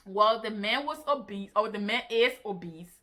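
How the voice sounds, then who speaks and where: Woman vlogger, bright clear tone, animated storytelling, rhetorical asides. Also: mid-range voice, normal speed. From Africa. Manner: animated, incredulous retelling with rhetorical questions. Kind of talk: casual storytelling to camera.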